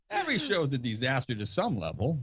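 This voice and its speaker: A man's voice: mid-range voice, huge pitch swings, moderate pace, fairly bright tone, husky, no room sound. A male podcast host chatting casually, rambling with fillers and self-deprecating asides, a father of young kids. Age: adult with young kids. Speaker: show host.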